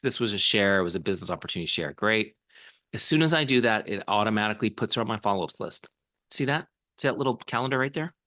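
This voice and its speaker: Man, lowish voice, energetic coach, video-call training, dry close sound. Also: no room sound. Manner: energetic, coaching, asks the listeners for confirmation. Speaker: software founder training a sales team.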